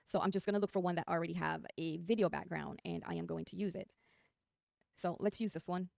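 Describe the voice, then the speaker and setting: A woman's voice: on the low side, steady tone, brisk, vocal fry, darkish tone, dry recording, clean studio sound. A woman with a New Jersey accent giving a chatty, upbeat live screen-share tutorial, talking her viewers through each step as she clicks. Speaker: online design tutor.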